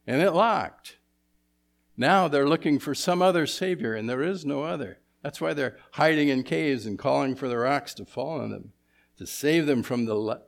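A pastor delivers an expository sermon, posing rhetorical questions to his congregation and shifting between emphatic and hushed tones. His voice is medium-pitched and creaky.

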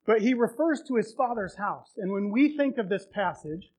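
A male pastor preaching a sermon, retelling a story with emotion and building to loud, heartfelt peaks. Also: sits high, animated, normal speed, poor audio.

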